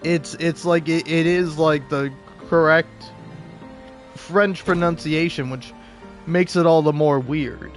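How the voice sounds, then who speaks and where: A man's voice: a little high, steady tone, slow pace, faint music behind. A man giving casual, rambling gameplay commentary, full of fillers and restarts. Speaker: gaming video creator.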